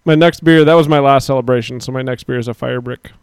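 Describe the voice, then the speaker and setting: Laughing man, smooth dry voice. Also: mid-range voice, fast, no room sound. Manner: joking, laughs often, reads chat aloud. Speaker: livestream co-host. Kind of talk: casual crude banter.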